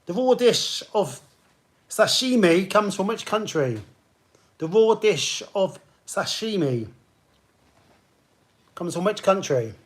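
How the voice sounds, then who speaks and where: Chatty quiz host, higher voice. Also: male voice, big pitch swings, takes it slowly, long pauses. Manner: chatty, greets players by name between questions. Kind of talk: live-streamed pub quiz hosting.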